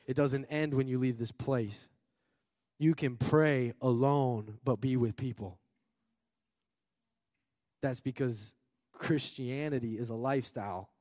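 A man preaching a sermon in a church hall on a mic. He is loud and excitable and swings between shouting and quiet asides. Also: medium pitch, clean studio sound. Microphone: handheld or stage mic.

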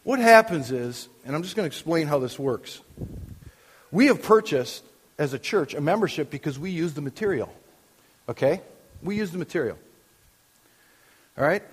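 A man's voice: on the high side, lively intonation, normal speed, pauses often, slightly rough, long reverb tail. An older man preaching as a pastor, conversational and full of questions to the congregation. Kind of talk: sermon. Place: church.

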